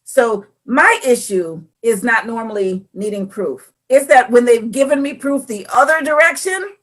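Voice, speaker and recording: A woman's voice: a little high, measured pace. A woman, co-hosting a casual faith chat and animatedly talking through her thoughts. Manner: animated, acts out quoted voices. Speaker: podcast co-host.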